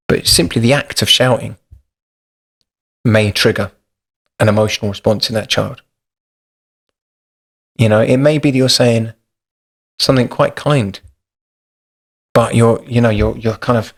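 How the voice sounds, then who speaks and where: A man hosting a podcast, talking in a thoughtful, practical, explanatory way. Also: medium pitch. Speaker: podcast host.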